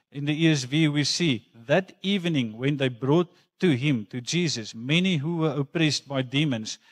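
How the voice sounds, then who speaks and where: A man preaching a sermon in a church, talking earnestly and conversationally and mixing in personal stories. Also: on the high side. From South Africa. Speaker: pastor.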